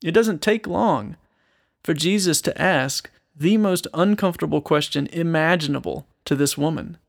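Earnest man teaching scripture, gravelly. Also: a little high, normal speed. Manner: earnest, asks rhetorical questions. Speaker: Christian speaker and musician. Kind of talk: reflective Bible teaching with scripture reading.

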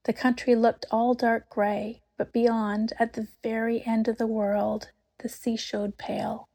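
A woman reading a storybook aloud, unhurried and expressive, often dropping to a whisper. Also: fairly high pitch, gravelly. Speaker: narrator.

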